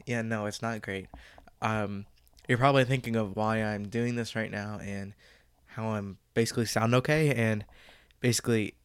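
A man's voice: fairly low pitch, fairly even intonation, normal speed, clear, resonant tone, no room sound. A young man of seventeen with a stuffy, congested voice from a cold, chatting casually on his solo podcast, rambling and joking about his own stalling. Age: late teens. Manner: rambling, self-aware, jokey about stalling.

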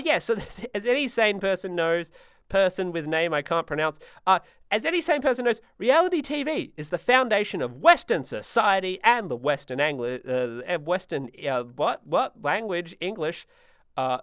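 A man's voice: fairly high pitch, a bit bright, no room sound, studio quality. A young man hosting a solo comedy podcast, rambling and self-mocking, with sudden silly sung bits. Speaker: podcast host.

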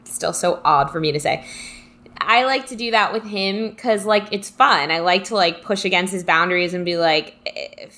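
A young woman in a casual podcast chat, with a bright, forward tone on a slightly low voice. She talks in a reflective, rambling way, with "like" running through her sentences. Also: normal speed. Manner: reflective, chatty, many "like" fillers. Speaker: podcast co-host.

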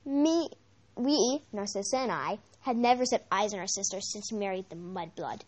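A woman's voice: medium pitch, animated, normal speed, close to an everyday voice. A woman voicing a fanatical, devoted female witch follower in a read-aloud story, eager and pleading. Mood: eager devotion.

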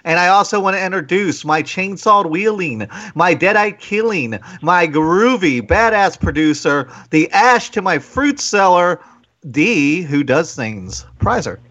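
High-voiced bright joking man host. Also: expressive, measured pace, dull audio. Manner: joking, profane, theatrical intros. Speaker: podcast host. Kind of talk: casual comedic podcast chat.

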